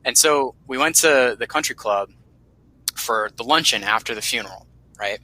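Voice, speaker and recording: A man with a very bright, forceful voice tells a story casually, animated and salty, laughing as he goes. The sound is dry and close, with no room around it. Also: mid-range voice, normal speed, dry recording, rough recording. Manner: animated storyteller who swears freely and laughs often. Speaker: podcast host.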